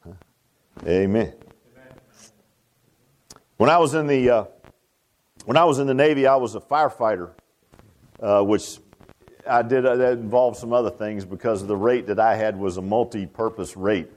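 An older man preaching a sermon in a folksy, animated way, repeating phrases for emphasis. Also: fairly low pitch, normal speed, long pauses. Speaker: pastor.

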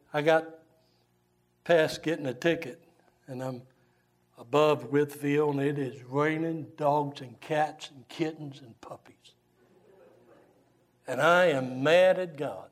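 An older man, a Baptist pastor preaching a sermon and telling folksy, animated stories. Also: fairly high pitch. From Southern US. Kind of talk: sermon with storytelling.

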